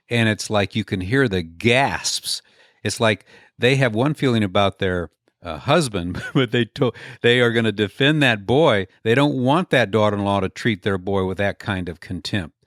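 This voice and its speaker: A man's voice: lowish voice, moderate pace, a bit bright, no echo, studio quality. A man as an interview guest, an author and speaker explaining his ideas earnestly, often telling stories and repeating words as he builds a point. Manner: earnest, explains through stories and acted-out quotes. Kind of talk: conversational interview answers.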